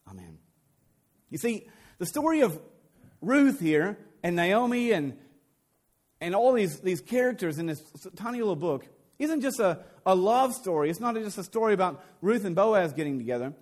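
High-voiced male pastor preaching. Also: moderate pace. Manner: retells scripture in lively everyday speech. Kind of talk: sermon.

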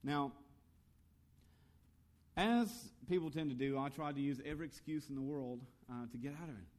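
A man preaching a sermon as pastor, earnest and lively, asking the listeners questions and telling stories from his own youth. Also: medium pitch, moderate pace.

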